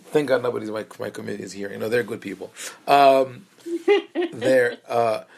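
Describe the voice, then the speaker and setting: A man gives a relaxed Bible class as a rabbi, his voice gravelly at a middling pitch. He thinks aloud, pausing often on fillers, and drops wry asides to the small group in front of him. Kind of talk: conversational Bible class lecture.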